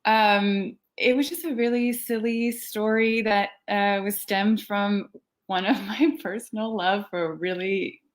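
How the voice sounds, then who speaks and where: A woman with a French accent chats casually about her film as an interview guest. She giggles often and fills her pauses with ums. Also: medium pitch, steady tone. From France. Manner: giggly, frequent laughter and fillers. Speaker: filmmaker guest.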